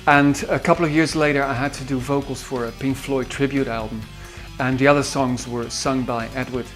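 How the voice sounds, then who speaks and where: A man with a Dutch accent, a musician recalling studio sessions in a halting way with many fillers. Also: medium pitch, fairly even intonation, fairly bright tone, faint music behind. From Netherlands. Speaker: musician and producer. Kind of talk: behind-the-scenes recollection.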